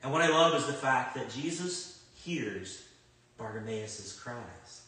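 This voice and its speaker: A man preaching a sermon in a conversational way, swinging between loud emphatic bursts and quiet reflective stretches. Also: medium pitch, animated, takes it slowly, distant mic. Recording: very echoey room, speaker off-mic.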